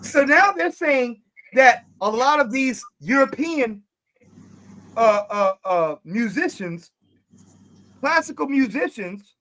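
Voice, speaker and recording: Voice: high-pitched, lively intonation, slow, pauses often, pushed and bright, rough recording. A host from Detroit in a casual streamed discussion, talking emphatically and trailing into fillers before pressing the point again. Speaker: podcast host.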